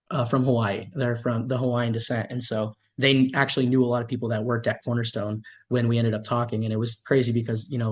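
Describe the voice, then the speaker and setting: A man in his middle pitch range, speaking with a fairly flat, level melody, tells stories as a podcast guest. He comes across as enthusiastic and grateful, restarting his sentences often with "uh". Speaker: podcast guest, hospitality worker and youth leader. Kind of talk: casual storytelling in an interview.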